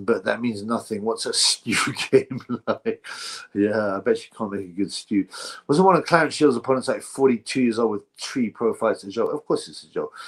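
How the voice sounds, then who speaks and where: A man hosting a casual livestream, rambling sarcastically and answering chat messages. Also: mid-range voice. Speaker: livestream host.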